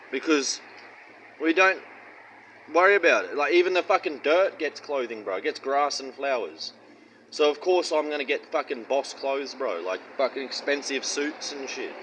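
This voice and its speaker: A man's voice: fairly high pitch, a bit bright, slight background noise, rough recording. Crude, blunt man preaching. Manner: blunt, heavily profane, mocking; rambling slangy chat. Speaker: street-style preacher. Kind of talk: casual Bible teaching.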